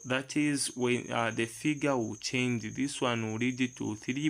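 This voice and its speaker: A man's voice: medium pitch, steady tone, unhurried, vocal fry, hardly any pauses, poor audio. A man teaching a math lesson step by step, reading numbers aloud and asking the class rhetorical questions.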